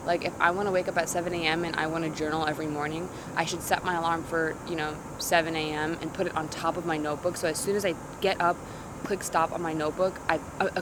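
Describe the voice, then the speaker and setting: A woman's voice: on the low side, background noise. A young adult woman chatting casually to camera in a vlog, rambling and slangy, often cutting herself off. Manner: rambling, slangy, self-interrupting. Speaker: vlogger. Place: outdoors in a city in the morning.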